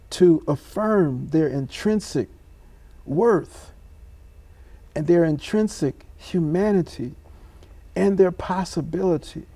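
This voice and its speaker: A man speaking as a scholar guest on a talk show, slow and measured, telling stories as he reflects. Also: fairly high pitch, creaky, warm tone, dry recording.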